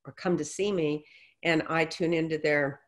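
A woman with a fairly low voice speaks as a guest in a relaxed interview. She tells her stories in a lively way and slips into other people's voices as she quotes them. Her tone stays reassuring and teacherly. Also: moderate pace. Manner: animated storyteller who acts out quotes. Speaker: guest, intuitive reader. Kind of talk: casual interview conversation.

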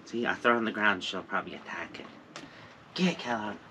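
Male vlogger, bright and sunny tone, chatty and upbeat, faint outdoor noise. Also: fairly low pitch, brisk. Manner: chatty, cheerful, coos at pets. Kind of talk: casual gardening vlog. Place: outdoors at an RV camp.

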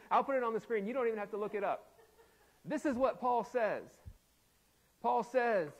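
High-voiced playful male preacher. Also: animated, moderate pace, long pauses, rough recording. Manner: laughs often, acts out quoted voices playfully. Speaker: pastor. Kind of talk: sermon. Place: church sanctuary.

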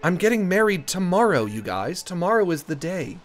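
A man's voice: high voice, sing-song, normal speed, soft background music. A man chatting casually on a live stream in a playful, rambling, joking way.

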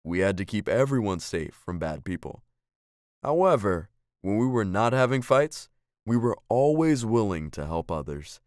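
A man voicing a gentle father and former soldier telling his daughter a bedtime story. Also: lowish voice, big pitch swings, moderate pace, clean tone, no echo, clean studio sound. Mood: calm.

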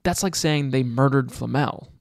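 A man reading the lines of an earnest, quick-tempered schoolboy wizard aloud from a draft passage, in a near-everyday voice. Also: medium pitch, gravelly, no room sound, clean studio sound, close to an everyday voice. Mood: indignant.

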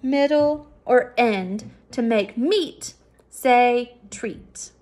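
A woman teacher giving a recorded phonics lesson for children, patient and sounding out words slowly. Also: fairly high pitch, darkish tone.

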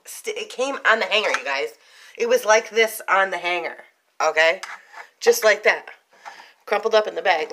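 A woman chatting excitedly to viewers in a casual vlog, talking straight to the camera about her finds. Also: on the low side, slight background noise, rough recording. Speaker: vlogger. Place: in a car, rain outside.

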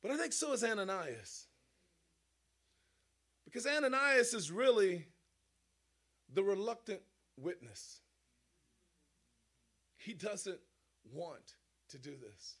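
A man preaching an animated sermon, with rhetorical questions and playful sound effects. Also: high-pitched, takes it slowly, long pauses.

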